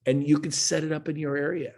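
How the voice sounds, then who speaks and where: A man's voice: fairly high pitch, flat delivery, fast talker, darkish tone. A middle-aged man giving a folksy, emphatic motivational talk on a video call, repeating his phrases for effect. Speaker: guest speaker at a real estate webinar.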